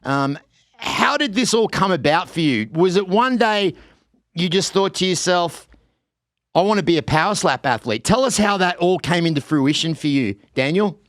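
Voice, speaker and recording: A man with an Australian accent hosting an interview podcast, energetic and laughing often. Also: high-pitched, normal speed, no room sound, studio quality. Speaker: podcast host. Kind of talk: casual interview.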